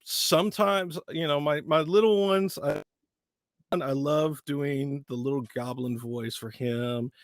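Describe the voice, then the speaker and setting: A man, a voice actor guest, chatting in an animated, playful way during an interview. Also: a little high, unhurried, no echo, clean studio sound. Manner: animated, laughing, playful storyteller. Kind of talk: casual interview chat.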